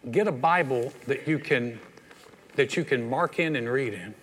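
A man's voice: mid-range voice, moderate pace, in a large hall, slight background noise. An older man, a pastor preaching a sermon in a folksy, conversational way with playful asides. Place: church hall.

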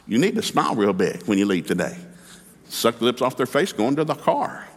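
A man delivers a lively sermon, folksy and humorous, breaking into emphatic commands and acted-out dialogue. His mid-range voice leaps up and down in pitch. It rings with long reverb from a large hall. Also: a little fast, breathy edge. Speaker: preacher.

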